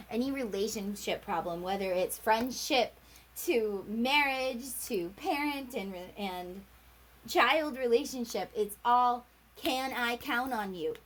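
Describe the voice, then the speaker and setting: A woman's voice: medium pitch, rough recording. A woman giving a casual tarot reading, chatty and rambling, acting out little quoted exchanges as she talks. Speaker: tarot reader.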